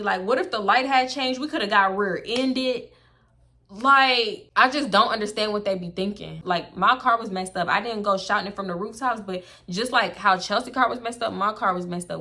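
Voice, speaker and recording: A young woman telling a story to camera, casual, animated and blunt, swearing freely. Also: medium pitch. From Houston, Texas. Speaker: storytime vlogger.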